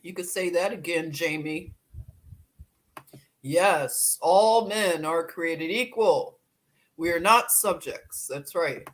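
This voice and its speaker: Speaking slowly in a lowish voice, a Philadelphia woman hosts a casual livestream. She greets viewers by name as she chats and laughs often.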